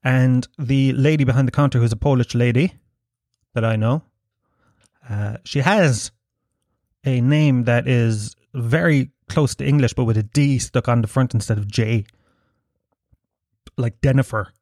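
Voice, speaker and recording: A man's voice: mid-range voice, unhurried, long pauses, a little mellow, no echo, studio quality. A man with an Irish accent hosting a casual solo podcast, rambling, jokey and full of swearing. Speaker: podcast host.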